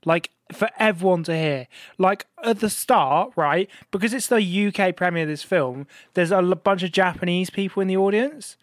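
A man's voice: high-pitched, moderate pace, few pauses, no room sound, clean studio sound. A man hosting a podcast, chatting casually and animatedly, swearing freely. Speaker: podcast host.

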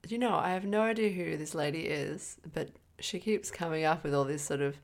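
Low gravelly woman, casual chat. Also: brisk. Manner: hesitant, stumbles over names, laughs easily. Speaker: podcast co-host.

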